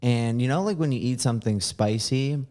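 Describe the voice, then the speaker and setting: A podcast host with a warm, medium-pitched voice at a moderate pace tells a long story. He rambles casually, swears freely, and leans heavily on the filler "like."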